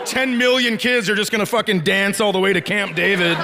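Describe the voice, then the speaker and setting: Speaking a little fast with few pauses, this middle-aged man has a high-sitting voice. In a live theater stand-up set with background noise and loud laughter from the audience, he acts out his family members in sarcastic stories.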